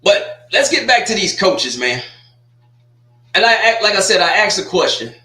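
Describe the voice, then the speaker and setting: A man's voice: high-pitched, very animated, measured pace, sharp tone, reverberant. A sports livestream host, chatting loosely and jokingly straight to his viewers. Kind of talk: casual livestream commentary.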